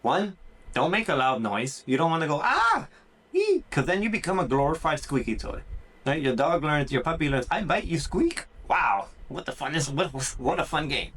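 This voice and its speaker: Animated man explaining dog training. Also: on the high side. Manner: animated, acts out puppy and owner voices, says "dude" and "transparently speaking". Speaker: dog trainer and podcast host. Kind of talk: casual instructional podcast talk.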